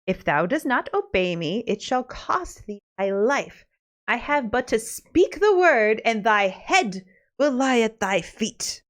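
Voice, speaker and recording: A woman's voice: a little high, very animated, takes it slowly. A woman voicing a haughty young noble bride who speaks in imperious, archaic phrases. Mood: threatening.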